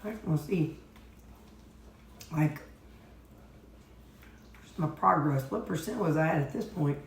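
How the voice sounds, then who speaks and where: A woman's voice: low-pitched, measured pace, a little hiss or hum. A woman vlogging at home in a rambling, chatty, self-deprecating way, talking casually to her camera. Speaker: weight-loss vlogger.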